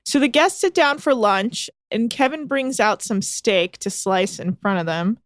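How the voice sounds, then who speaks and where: A woman co-hosting a podcast, recapping a reality show in fast, exasperated casual chat. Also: on the high side, animated, no echo, studio quality.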